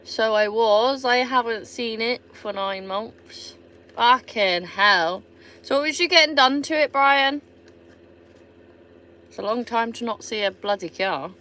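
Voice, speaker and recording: A woman's voice: a little high, a little slow, fairly bright tone, a little hiss or hum. Sweary Somerset woman chatting on a livestream. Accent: Somerset English. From England. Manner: chatty and sweary, reading out viewer comments. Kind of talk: casual live-stream chat.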